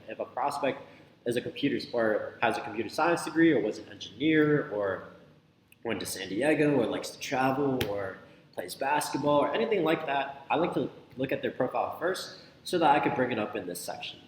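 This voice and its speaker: A man coaching on sales in a loose, conversational way, peppering his talk with "like" and "right?". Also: medium pitch. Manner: filler-heavy, loose and conversational, repeats "like" and "right?". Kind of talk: casual teaching talk. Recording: echoey hall with faint ambient noise.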